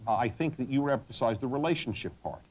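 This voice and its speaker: A man's voice: mid-range voice, expressive, fast talker, darkish tone, low-quality recording. A man hosting a talk radio debate, speaking earnestly into a studio microphone and often restarting his sentences. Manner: earnest, frequent stammered restarts. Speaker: radio talk show host.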